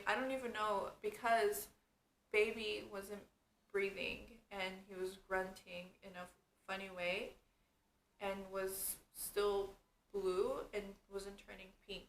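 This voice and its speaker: A woman's voice: medium pitch, a bit bright. A young woman vlogger telling a story in casual chat, saying "like" and "you guys" constantly. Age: young adult. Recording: echoey room with faint background noise.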